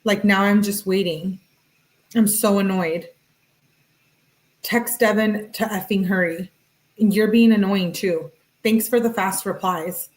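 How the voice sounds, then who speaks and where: A woman reads text messages aloud in a casual, matter-of-fact way, tagging each one with "she says" or "he says." She breaks in with chatty asides between them. Her voice sits at a middling pitch. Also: fairly even intonation, slow pace, pauses often, darkish tone, low-quality recording. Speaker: true-crime channel host.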